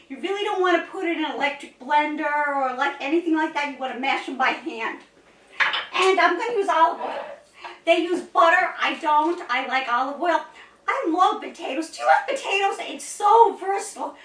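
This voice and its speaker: A woman's voice: high voice, sharp tone. A woman hosting a home cooking video, talking in a chatty, cheerful way and laughing often as she cooks. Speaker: cooking vlog host. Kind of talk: casual cooking demonstration. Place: home kitchen. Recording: roomy kitchen sound from a distant mic.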